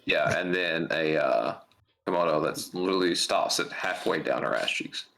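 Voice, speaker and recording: A man's voice: deep voice, normal speed, creaky, sharp tone, slight background noise, low-quality recording. A man chatting as a player in a tabletop game, wry and candid. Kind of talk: casual chat.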